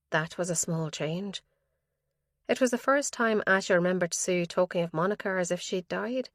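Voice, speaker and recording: A woman narrating a crime audiobook in a measured, even reading voice on a close microphone. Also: on the low side, no room sound. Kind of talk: scripted narration.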